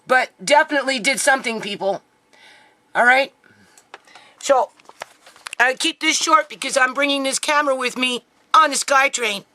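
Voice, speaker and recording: A woman's voice: fairly high pitch, pushed and bright, a little hiss or hum, rough recording. A grieving mother talking to camera in an emotional vlog, near tears, who keeps asking "okay?" and calling out to "people".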